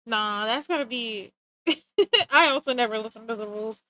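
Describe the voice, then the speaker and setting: Woman streamer, high bright voice, dry close sound, joking and self-mocking. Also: dry recording, rough recording. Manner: animated, joking, self-mocking, quick to laugh. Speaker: livestreamer. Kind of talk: casual stream chat while drawing.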